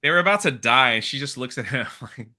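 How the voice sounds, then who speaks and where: A man chatting casually on a podcast, retelling film scenes with animated impressions. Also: medium pitch, quick pace. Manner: animated storytelling, mimics movie lines. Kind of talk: casual chat.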